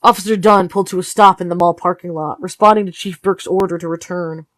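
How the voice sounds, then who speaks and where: A woman's voice: on the low side, steady tone, fast, no echo. Tired woman reading a novel aloud. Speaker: audiobook reader. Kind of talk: read-along narration of a novel.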